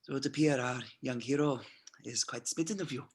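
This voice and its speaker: A smooth, menacing SS colonel who probes politely and drops into soft, husky asides, read by a man at a script reading. His voice sits at an ordinary male pitch, with a breathy grain to it. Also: brisk, close to an everyday voice. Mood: probing.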